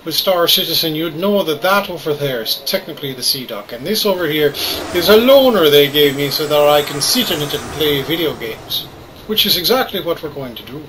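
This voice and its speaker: Canadian gamer faking an Irish lilt, bright, tense tone, self-mocking play-by-play. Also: male voice, a little high, lively intonation, brisk, slight background noise, poor audio. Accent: put-on Irish. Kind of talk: gameplay commentary.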